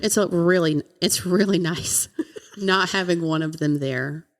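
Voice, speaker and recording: Joking woman podcast co-host, lowish voice. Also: a little slow. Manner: joking, self-teasing, laughs while talking. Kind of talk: casual chat.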